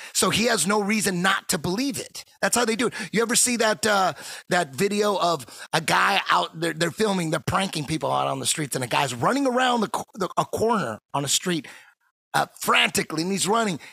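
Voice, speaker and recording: A man hosting a podcast, talking in a rambling, profane, animated way in casual conversation. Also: sits high, creaky, slightly rough, dry recording. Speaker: podcast host.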